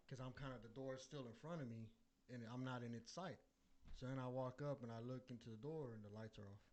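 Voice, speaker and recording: Young man, animated and profane, builds suspense in casual podcast storytelling. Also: mid-range voice, quick pace. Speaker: podcast co-host.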